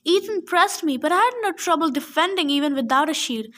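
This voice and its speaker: A woman reading a novel aloud in a steady way, stumbling now and then. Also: sits high, brisk. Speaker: reader.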